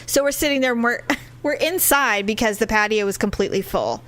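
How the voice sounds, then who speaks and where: A middle-aged woman co-hosting a podcast, telling a story in casual chat, laughing often and swinging her pitch wildly when she quotes people. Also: brisk, a bit bright. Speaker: podcast co-host.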